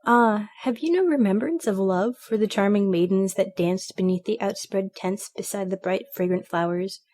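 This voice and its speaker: A woman's voice: mid-range voice, moderate pace, darkish tone, lightly acted. Woman doing a dreamy canary, lyrical, sing-song, storybook bird, mid-range voice. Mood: wistful. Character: wistful male canary, dreamy and poetic.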